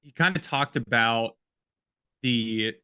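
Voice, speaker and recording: Bright-voiced chatty male podcast co-host. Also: medium pitch, slow pace, smooth, no room sound. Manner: chatty, jokey, reads quotes aloud. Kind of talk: casual film-review chat.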